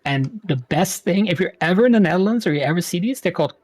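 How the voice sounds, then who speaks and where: A man's voice: sits high, animated, fast, darkish tone, no room sound. Man eagerly chatting in a dry sound. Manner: enthusiastic, repeats words as he talks. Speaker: guest streamer. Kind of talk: casual interview chat.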